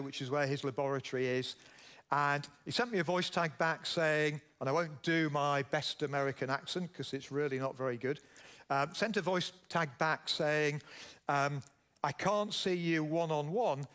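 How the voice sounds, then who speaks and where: A man's voice: on the high side, a bit bright. A middle-aged man from Yorkshire with a Yorkshire accent, giving a conference keynote speech and telling stories as he asks the audience questions. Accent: Yorkshire English. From Yorkshire, England. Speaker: keynote speaker, business founder. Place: conference stage.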